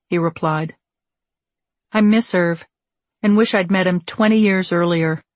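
A woman narrating a memoir audiobook in a measured, wry storytelling manner, recorded on a studio microphone. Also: on the low side, no room sound.

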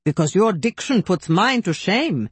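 A woman's voice: medium pitch, very animated, a little slow, slightly rough, dry recording, pitched above the performer's own voice, exaggerated voice. A woman reading an audiobook, voicing a polite, inquisitive male official who is courteous and probing.

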